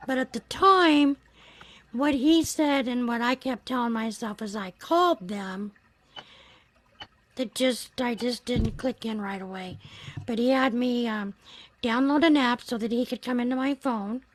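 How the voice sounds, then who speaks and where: A woman's voice: a little high, a little slow, no echo, low-quality recording. A woman hosting a livestream, earnestly recounting a personal experience in casual talk. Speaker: livestream host. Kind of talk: casual storytelling.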